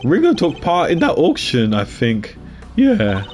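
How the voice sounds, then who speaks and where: Guy doing pompous prosecutor, slow and self-important, bit of music. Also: fairly high pitch, huge pitch swings, darkish tone.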